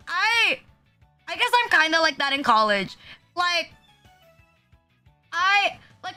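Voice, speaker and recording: Very high bright streamer ranting. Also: female voice. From Philippines. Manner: ranting, heavy use of "like", profane. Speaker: VTuber streamer. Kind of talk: casual chat. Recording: music playing behind.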